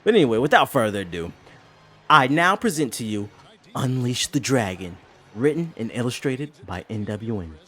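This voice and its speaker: A man's voice: very animated, normal speed, a bit bright. A man hosting a casual gameplay vlog, cursing freely, laughing often and reading aloud from an old childhood book. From St. Louis. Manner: profane, laughs often, sings the show's theme high. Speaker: gaming channel host. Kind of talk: casual vulgar commentary over gameplay.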